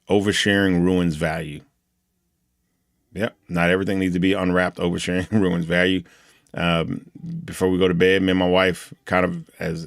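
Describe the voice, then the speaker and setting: A man's voice: sits low, vocal fry, no room sound, studio quality. A man teaching an online class, talking in a loose, motivational way with many restarts.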